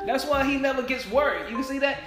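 A high-voiced woman chatting casually, swearing and chiming in with agreement. She sounds echoey, with very loud music playing behind her. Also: fast talker. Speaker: TV show fan in group chat. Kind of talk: casual chat.

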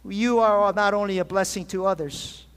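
Pastor guy preaching, high voice, lots of "amen?" asks, big echoey church hall. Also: fairly even intonation, normal speed, fairly bright tone, clear, resonant tone. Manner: preaching with call-and-response asides, frequent restarts. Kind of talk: sermon. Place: church sanctuary. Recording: long reverb of a large hall.

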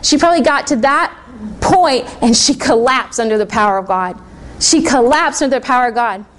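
A woman preacher telling a personal story in a lively sermon to a church congregation, laughing often. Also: fairly high pitch, normal speed, a little hiss or hum.

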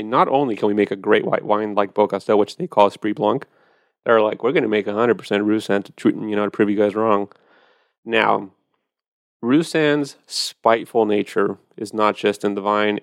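A man's voice: fairly low pitch, fairly even intonation, normal speed, no echo, studio quality. A man hosting a podcast, chatting casually and animatedly about wine, with profane storytelling. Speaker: podcast host.

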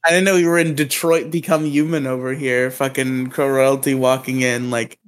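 A man's voice: medium pitch, level tone, normal speed, slight background noise. A man co-hosting a podcast, bantering and joking in casual chat. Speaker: podcast co-host.

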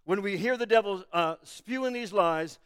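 A male pastor preaching a sermon, building to emphatic, forceful bursts. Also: high voice, moderate pace, clean tone.

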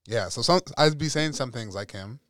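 This young podcast guest speaks at normal speed in a mid-range voice, recorded with no echo. Chatting casually, he animates his stories by acting out how his relatives sound.

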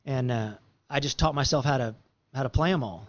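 A man's voice: mid-range voice, brisk, highs cut off. A man telling a long story in a rambling, easygoing way, full of fillers and restarts. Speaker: guest musician. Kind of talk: casual storytelling.

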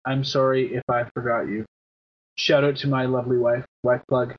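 A man in his thirties hosting a podcast in casual chat, rambling through shout-outs with many fillers and the odd swear word. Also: medium pitch, little pitch movement, moderate pace. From Canada. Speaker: podcast host. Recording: dull lo-fi podcast audio.

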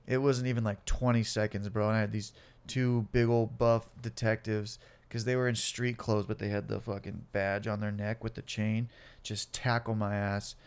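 A man's voice: lowish voice, clear, resonant tone. A man in his late twenties or older telling his own life story in a casual interview, swearing a lot and acting out the other people in it. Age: late 20s or older. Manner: profane, animated, acts out cops and himself.

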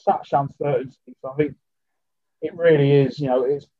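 A man's voice: medium pitch, steady tone, normal speed, dry recording, narrow, tinny audio. A man talking as a podcast guest in casual football chat, rambling and leaning on fillers and restarts.

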